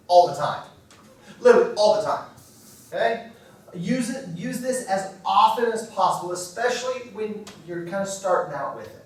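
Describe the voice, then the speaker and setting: A man in his forties leading a marriage workshop at a church, talking casually and checking in with his audience. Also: high voice. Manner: conversational, self-deprecating, checks in with "okay?". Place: church hall. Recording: very echoey hall from far off.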